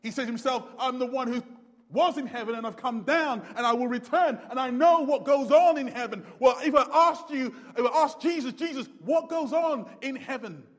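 High-pitched guy preaching in a big echoey church, goes loud then drops way down. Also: normal speed. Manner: swings from loud emphatic peaks to low murmurs. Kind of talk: sermon. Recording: long hall reverb.

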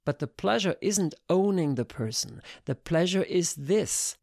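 An audiobook narrator reading literary prose in a measured, intimate, reflective manner. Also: medium pitch, animated, gravelly, darkish tone, no room sound, clean studio sound.

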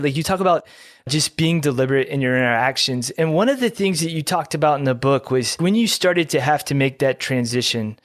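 A male podcast host asking relaxed, chatty questions with many fillers. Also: a little high, dry recording, studio quality. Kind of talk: casual interview chat.

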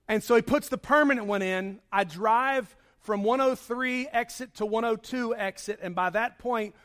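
A man's voice: very high-pitched, pushed and bright. A man preaching a sermon to his congregation, telling a story conversationally and then raising his voice with emphasis. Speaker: pastor. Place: church service.

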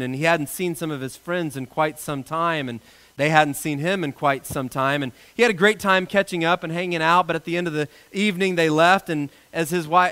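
A male pastor delivering a sermon, an animated storyteller who jokes with his congregation. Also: fairly high pitch.

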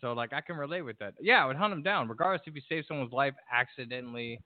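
A man's voice: mid-range voice, quick pace, no room sound. Man, blunt and emphatic, swears a lot, casual discussion, dry close sound, tinny call audio. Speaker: podcast guest.

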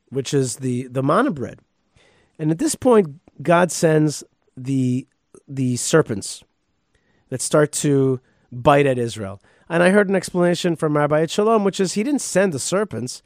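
A man, a rabbi, giving a casual Torah lesson in a somewhat high voice. He reads verses aloud and then riffs freely, with restarts and sudden emphatic outbursts. The sound is close and dry, with no room echo. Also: lively intonation, measured pace. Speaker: rabbi and podcast host.

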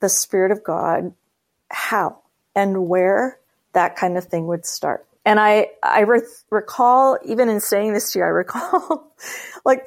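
A woman speaking as a guest, telling a long story with lively voiced quotes and light laughter. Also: medium pitch. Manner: animated, acts out quoted voices. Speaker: guest speaker, church leader. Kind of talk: storytelling conversation.

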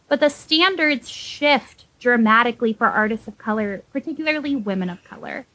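A young woman talks through a casual podcast discussion, slightly high-pitched. She is animated and sarcastic, leaping upward in pitch whenever she mocks someone. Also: normal speed, low-quality recording. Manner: animated, sarcastic, with pitch jumps when mocking. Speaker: podcast co-host.

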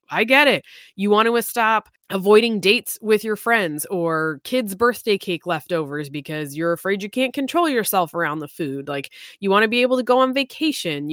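A woman's voice: mid-range voice, fairly bright tone, dry recording, studio quality. A woman health coach giving a blunt, profane motivational monologue.

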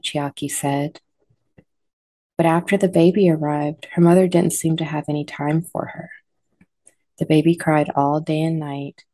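A woman narrates a sleep story in a calm, soft manner. Her voice is low and mellow, and she speaks very slowly. The recording is close and dry. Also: creaky, breathy edge, dry recording. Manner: calm, soft, guiding relaxation. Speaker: podcast host and sleep guide.

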